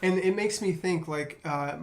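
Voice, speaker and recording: A man's voice: high-pitched, unhurried. A man hosting a casual discussion, reflective and storytelling, with frequent fillers. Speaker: podcast host.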